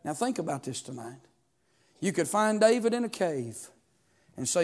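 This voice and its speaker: A man's voice: fairly high pitch, very animated, normal speed, pauses often. A man, preaching a sermon as pastor, building fervor and asking the congregation questions. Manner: preaching with rising fervor and call-and-response questions.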